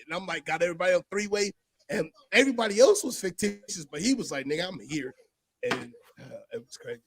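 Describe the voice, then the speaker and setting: A high-voiced man with a lively, swooping delivery tells a story casually, acting out the other people's voices and dropping almost to a whisper when it turns emotional. The recording is dry and close. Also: a little fast, no room sound. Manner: animated, acts out voices in his story, drops to a near whisper for emotional parts.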